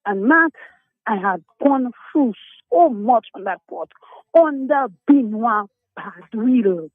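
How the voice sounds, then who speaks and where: A woman's voice: a little high, lively intonation, slow pace, no room sound. An older woman calls a radio show, talking emotionally and emphatically about her grievances. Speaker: radio caller. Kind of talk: call-in complaint. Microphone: telephone. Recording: tinny dry phone line.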